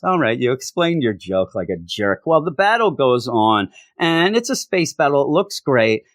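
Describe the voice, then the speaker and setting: A man's voice: a little high, very animated, normal speed, no echo, clean studio sound. A man casually reviewing a comic book, sarcastic, reading out lines in mocking voices.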